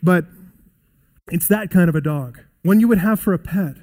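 With a high-pitched, slightly mellow voice, a man delivers an earnest sermon. He quotes scripture aloud and slows down to hammer home the key lines.

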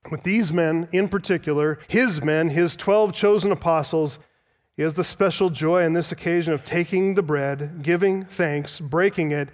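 A man, his voice on the high side, preaches expository material in an earnest teaching manner. Key phrases get a slower delivery, and he repeats words for emphasis.

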